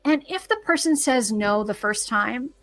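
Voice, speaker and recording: A woman's voice: fairly high pitch, expressive, moderate pace, fairly bright tone. A woman podcast guest who talks earnestly and encouragingly while giving practical advice as a grief educator. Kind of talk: conversational advice.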